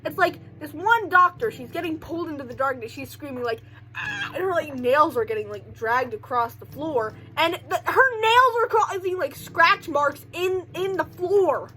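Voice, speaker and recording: A woman's voice: high voice, animated, normal speed, few pauses, bright, forceful tone, a little hiss or hum, rough recording. A young woman casually recapping a film in a rambling way, full of "like" and joking asides. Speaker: video creator recapping a film.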